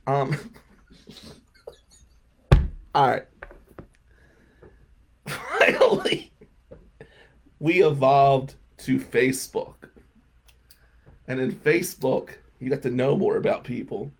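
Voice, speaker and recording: A man's voice: medium pitch, fairly even intonation, takes it slowly, creaky, long pauses, a little mellow, slightly rough. A man, hosting a radio talk show and telling self-mocking stories in a casual comedic monologue. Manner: self-mocking storytelling, laughing at his own jokes. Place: radio studio.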